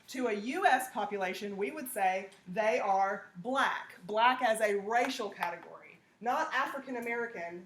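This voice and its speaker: A woman's voice: mid-range voice, a bit bright, a little hiss or hum. A woman lecturing a classroom, talking conversationally and checking in with "okay?". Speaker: teacher.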